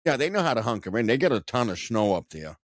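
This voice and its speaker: A man with a Boston accent hosting a podcast, telling stories in a loose, profane, animated way. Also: medium pitch, fast, dry recording, clean studio sound. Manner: animated, swearing storyteller. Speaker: podcast host. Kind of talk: casual profane chat.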